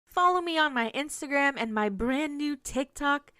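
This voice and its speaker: Earnest high-voiced woman teacher podcasting. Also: expressive, moderate pace, pushed and bright, no echo. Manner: earnest, explanatory, demonstrates phrases.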